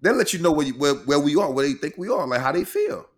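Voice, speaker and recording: A man's voice: on the high side, quick pace. A man co-hosting a casual podcast chat, talking emphatically. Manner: animated, emphatic, often acting out quotes. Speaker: podcast co-host.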